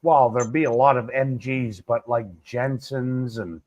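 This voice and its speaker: A man chatting casually on a livestream, pausing often with ums and uhs as he talks. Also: medium pitch, steady tone, lo-fi sound, a crowd in the background. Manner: hesitant, full of ums and uhs. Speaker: guest on stream. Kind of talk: casual chat.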